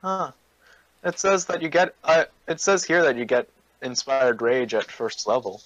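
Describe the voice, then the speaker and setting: Halting male player explaining rules, slow, with a dry, close sound. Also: mid-range voice, fairly even intonation, fairly bright tone, no echo, highs cut off. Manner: halting, many restarts, rules-focused. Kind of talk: casual tabletop game chat.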